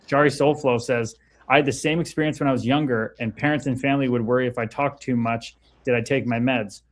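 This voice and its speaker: Male livestream host, mid-range voice, frank and loose, reads chat aloud. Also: mid-range voice. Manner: candid, swears freely, reads viewer comments aloud. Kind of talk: casual livestream talk.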